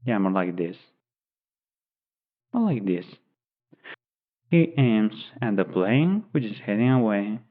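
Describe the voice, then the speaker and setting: Slow, rambling man on a tinny line. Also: lowish voice, animated. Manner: thinking aloud, rambling while describing pictures. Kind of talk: unscripted story narration. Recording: tinny phone-like audio.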